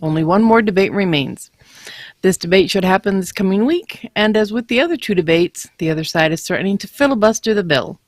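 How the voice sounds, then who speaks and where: A woman co-hosting a podcast, reading news items in a steady read-aloud way. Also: mid-range voice, a little fast, no room sound. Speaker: podcast co-host.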